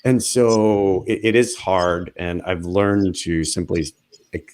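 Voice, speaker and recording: A man talking as a guest in an interview, animated, rambling and full of restarts as he tells stories. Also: sits low, clean tone. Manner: animated storyteller, acts out his own past remarks; fast, rambling, with many restarts. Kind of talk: conversational interview.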